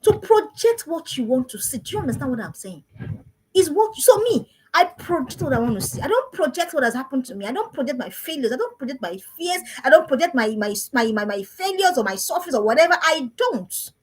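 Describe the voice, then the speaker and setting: A woman's voice: high-pitched, big pitch swings, fairly quick, low-quality recording. A woman, a parenting coach giving an emphatic talk to parents and repeating phrases for stress.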